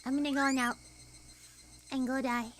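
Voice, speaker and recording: A woman's voice: high voice, flat delivery, moderate pace, noisy background. A woman streamer chatting tiredly at the end of a long game stream, crude and jokey. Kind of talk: casual livestream chat.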